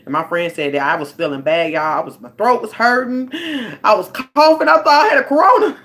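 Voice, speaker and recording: A woman's voice: medium pitch, a little fast, a bit bright. Chatty woman hosting a livestream. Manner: rambling, chatty, talks straight to viewers. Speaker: life coach hosting a livestream. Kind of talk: casual livestream chat.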